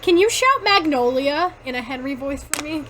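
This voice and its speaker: A young woman co-hosting a comedy podcast, reading fan fiction aloud and cracking up along the way. Her voice sits high, and a faint background hiss runs under the recording. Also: lively intonation, moderate pace, pushed and bright. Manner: reads aloud and breaks off laughing. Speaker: podcast co-host.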